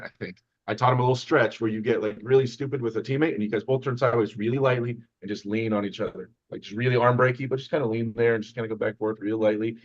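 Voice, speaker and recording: A man talks quickly and at length in a loose, rambling chat, jumping into sarcastic jokes. His voice sits at a middle pitch. The sound is dull and lo-fi. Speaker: host, armwrestling team member. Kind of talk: casual chat.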